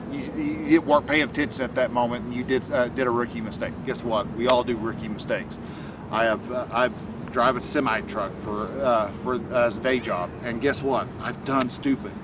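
A man's voice: medium pitch, distant mic, noisy background. A man speaking casually to camera as a self-help coach, rambling and restarting often with many fillers. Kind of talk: casual motivational talk to camera.

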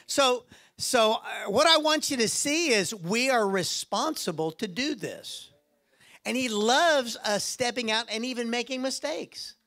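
Animated man preaching a sermon. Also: very high-pitched, a little slow. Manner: animated, acts out quoted voices and jokes. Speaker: guest preacher. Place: church.

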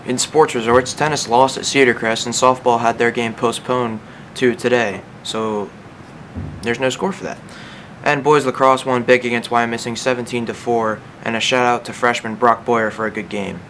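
A man giving a casual, quick rundown of school sports results. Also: medium pitch, steady tone, a bit bright, slight background noise. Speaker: sports announcer.

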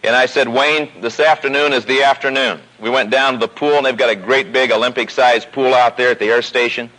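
A man preaching a sermon, telling a personal story with growing animation and pausing slowly on key points. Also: steady tone, pushed and bright, rough recording. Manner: storytelling, rising pitch as the story builds. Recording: old radio broadcast recording.

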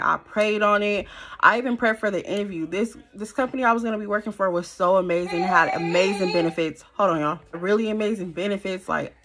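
Young woman spilling a storytime, bright voice, slangy and animated. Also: fairly low pitch. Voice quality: animated, slangy and conversational, with many fillers. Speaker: storytime vlogger. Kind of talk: casual storytelling to camera.

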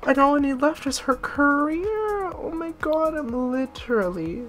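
A woman's voice: sits high, expressive, a little slow, faint music behind. A woman in her late teens giving casual, chatty let's-play commentary, bossing her game characters around and laughing often. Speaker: gaming YouTuber.

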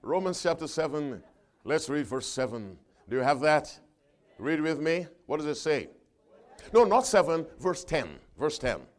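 A man preaching a sermon, reading scripture aloud with his congregation and calling for responses, loud and emphatic on the verses and quieter between them. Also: a little high, sing-song, measured pace.

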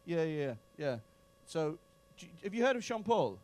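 A comedian works the crowd in a comedy club with profane banter and mock outrage. His voice sits high and swings through a wide, lively range. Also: moderate pace. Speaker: stand-up comedian. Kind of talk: crowd work in a stand-up set.

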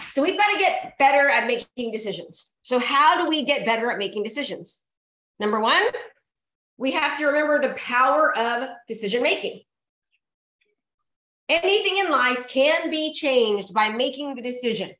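A middle-aged woman giving an energetic motivational seminar as a real estate coach. She is emphatic, repeats her key phrases and calls out to the audience. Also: on the high side. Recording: echoey room.

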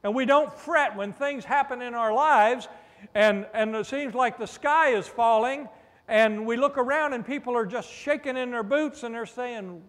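A man's voice: extremely high pitch, normal speed, fairly bright tone. A man preaching a sermon as pastor, calling out for amens and mixing in playful asides. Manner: preacherly, with call-and-response "amen?" and playful asides. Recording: long reverb of a large hall.

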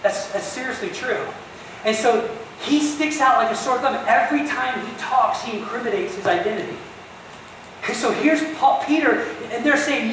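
A male pastor delivers a sermon with animated emphasis and talks straight to his listeners. His voice rings through a very reverberant church. It is picked up from a distance, with a faint hiss underneath. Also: very high-pitched, moderate pace. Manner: animated storytelling preacher, addresses listeners directly. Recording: very echoey distant church recording.

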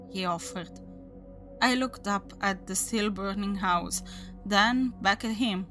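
A woman's voice: medium pitch, takes it slowly, over music. A woman narrating a horror story aloud, voicing the characters as she reads. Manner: dramatic reading, voices the characters.

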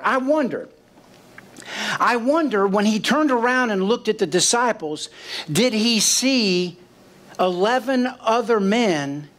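A man's voice: sits high, lively intonation, slow, fairly bright tone. A man preaching a sermon as pastor, asking the congregation questions and acting out quoted voices. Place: church sanctuary.

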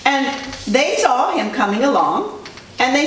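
Woman, preschool teacher, storytelling, animated, higher voice, far mic, faint noise. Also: measured pace. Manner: animated, asks children questions. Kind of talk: storytelling to children. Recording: roomy distant recording, faint noise.

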